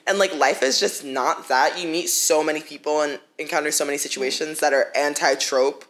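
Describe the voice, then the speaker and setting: A young woman co-hosting a podcast, making thoughtful, measured points in casual conversation. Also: low-pitched, steady tone, a bit bright. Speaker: podcast co-host. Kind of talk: casual chat.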